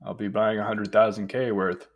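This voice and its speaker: A man voicing an ambitious, grasping male scientist with a forceful laugh in an audiobook. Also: fairly low pitch, flat delivery, normal speed. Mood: brash.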